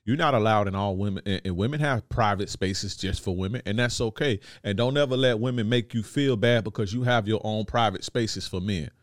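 Blunt slangy man, low dry voice. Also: brisk, few pauses, no room sound. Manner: blunt, repeats "you see what I'm saying"; slangy, profane. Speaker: podcast host. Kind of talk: casual monologue to listeners.

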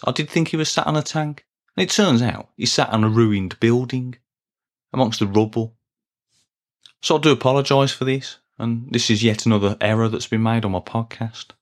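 Deadpan middle-aged man. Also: mid-range voice. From Birmingham, England. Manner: earnest, deadpan, plodding. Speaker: podcast host. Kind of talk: scripted comic monologue.

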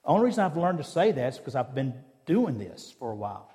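A man's voice: mid-range voice, sing-song, quick pace, mellow, big-room sound. A man giving a sermon in a conversational, storytelling way, acting out the dialogue of his anecdotes. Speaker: preacher. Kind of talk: sermon with personal stories. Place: church.

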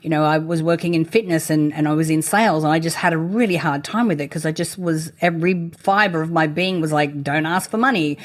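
A woman's voice: deep voice, fairly even intonation, fast talker, few pauses. Reflective woman podcast host. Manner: reflective, shares personal experience before asking. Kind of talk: conversational interview questions.

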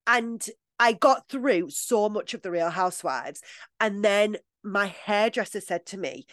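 A woman's voice: mid-range voice, lively intonation, unhurried, fairly bright tone, dry recording. Chatty British woman, dry sound. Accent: British English. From Britain. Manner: chatty, enthusiastic, laughs often. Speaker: podcast co-host. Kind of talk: casual chat.

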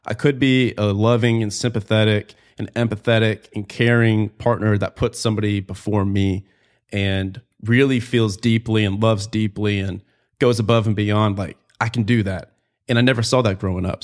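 A man in his late twenties hosting a podcast, talking candidly and earnestly about his life, with casual fillers and swearing, close to tears at times. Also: on the low side. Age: 20s. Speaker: podcast host. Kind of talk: personal reflective monologue.

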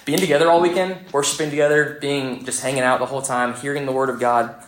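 A young man preaching a sermon, telling a story in a lively, conversational way. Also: medium pitch, quick pace. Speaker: pastor. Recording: echoey church room.

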